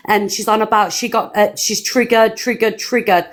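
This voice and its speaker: A woman's voice: mid-range voice, fairly even intonation, moderate pace. A woman, fuming and swearing while venting in a live-stream argument.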